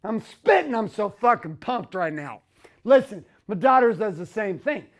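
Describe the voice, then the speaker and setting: Fiery, profane high-voiced man. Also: animated, normal speed. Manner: fiery and profane, bursts into shouts. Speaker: motivational speaker. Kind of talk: motivational talk to an audience.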